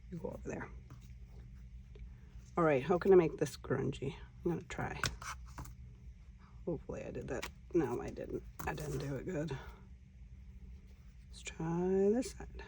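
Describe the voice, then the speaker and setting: A woman hosting a casual crafting vlog, talking quietly to herself as she works. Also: sits low, measured pace, pauses often, noisy background. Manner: quiet, mutters to herself while working. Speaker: crafting channel host.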